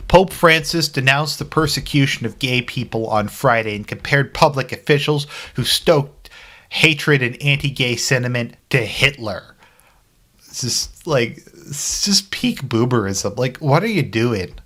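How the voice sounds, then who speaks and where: A man's voice: mid-range voice, animated, a little slow, fairly bright tone. Rambling sarcastic male commentary vlogger. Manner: rambling, filler-heavy, irreverent with swearing and sarcasm. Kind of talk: casual commentary reading an article.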